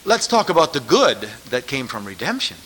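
A man's voice: mid-range voice, very animated, moderate pace, a bit bright, slightly rough. A man preaching a sermon, pressing his listeners with emphatic rhetorical questions.

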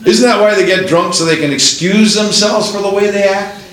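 A high-pitched male preacher delivers his sermon with an emphatic, rolling cadence and presses the congregation with rhetorical questions. His voice rings through a roomy, echoing church. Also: moderate pace, a bit bright.

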